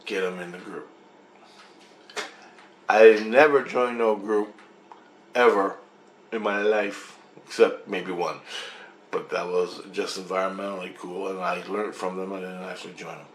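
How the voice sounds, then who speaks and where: A man's voice: low voice, steady tone, a little slow, pauses often, echoey room, a little hiss or hum. A man telling a long, rambling story in a monologue, swearing freely and restarting sentences. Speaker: vlogger recounting a dream.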